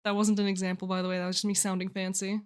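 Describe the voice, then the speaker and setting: A woman's voice: mid-range voice, little pitch movement, very fast, smooth. A young woman hosting a livestream, chatting casually about viewer submissions she reads aloud, gushing and rambling with lots of filler words and restarts. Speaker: livestream host.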